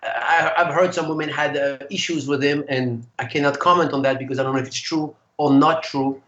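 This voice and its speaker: A man, a guest singer, telling animated stories in casual chat and acting out the voices of people he quotes. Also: on the high side, a little fast, reverberant, muffled recording. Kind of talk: casual storytelling.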